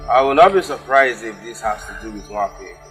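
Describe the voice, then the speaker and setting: A quiet, low-voiced prince. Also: male voice, lively intonation, a little fast, faint music behind. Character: gentle young prince.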